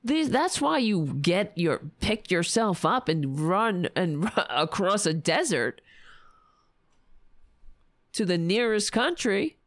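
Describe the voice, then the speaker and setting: A woman hosting a livestream, delivering an angry, sarcastic political rant full of profanity, her voice going hoarse. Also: medium pitch, sing-song, takes it slowly, no room sound, studio quality. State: losing her voice. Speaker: livestream host.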